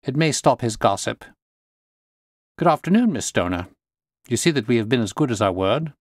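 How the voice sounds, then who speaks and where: A man voicing a brisk, sharp-minded gentleman detective, crisp and commanding in manner. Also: medium pitch, sing-song, dry recording, studio quality.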